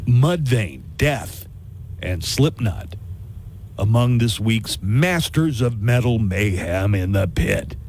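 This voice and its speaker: Chatty lower-voiced male radio host. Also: lively intonation, slow, a little mellow, slight background noise. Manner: chatty, jokey, rambling asides. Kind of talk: casual on-air chat. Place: radio studio. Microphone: studio microphone.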